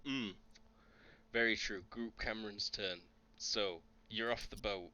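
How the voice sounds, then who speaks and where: A man narrating as game master in a calm, even way. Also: lowish voice, unhurried, dull audio.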